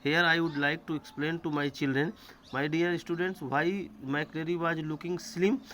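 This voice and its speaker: A man's voice: a little high, steady tone, normal speed, a bit bright, slight background noise, poor audio. A man teaching a literature class, reading each line aloud and then repeating and paraphrasing it in simple words.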